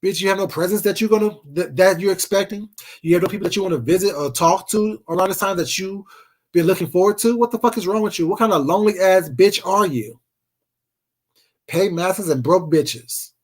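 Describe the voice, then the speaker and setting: A man's voice: high-pitched, brisk. A man vlogger ranting to camera in a profane, confrontational, combative way. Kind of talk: casual rant to camera.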